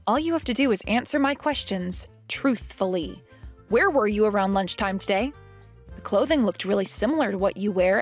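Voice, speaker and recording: A woman voicing a calm but firm young pregnant wife who questions her mother-in-law in an animated story drama. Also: medium pitch.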